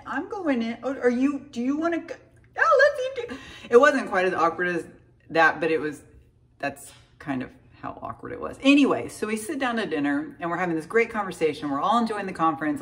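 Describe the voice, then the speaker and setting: A young woman talks casually about faith to her viewers, chatty and animated with lots of fillers. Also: low-pitched. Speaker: faith vlogger. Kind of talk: casual faith talk to camera.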